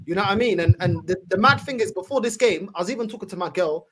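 A man's voice: high voice, expressive, background noise. A young man hosting a casual fan chat, easygoing and full of slang. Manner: fast, easygoing London slang, says bro a lot. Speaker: channel host.

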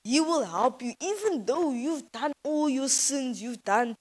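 A woman's voice: sits high, expressive, unhurried, low-quality recording. A woman gives an informal, earnest sermon as a youth speaker in church, talking conversationally and hesitantly.

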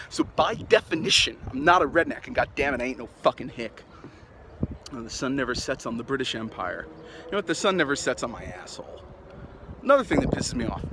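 Brief: man as sardonic young male punk, profane rant, lively swooping delivery, city traffic noise behind. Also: fairly high pitch. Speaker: actor performing a film monologue. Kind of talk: dramatic monologue.

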